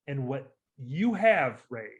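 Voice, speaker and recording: A man co-hosting a podcast in casual chat, making an emphatic, drawn-out argument with repeated phrases. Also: mid-range voice, sing-song.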